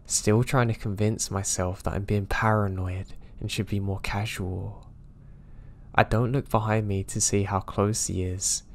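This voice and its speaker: Low-voiced man reading horror stories. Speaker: horror story narrator. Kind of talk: scripted narration of listener stories.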